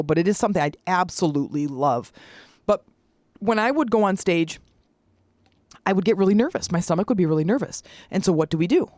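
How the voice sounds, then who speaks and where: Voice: medium pitch, darkish tone, no room sound, studio quality. A podcast host in their forties talking casually on their own, acting out the voices in their stories. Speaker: podcast host and public speaker. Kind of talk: casual solo podcast monologue.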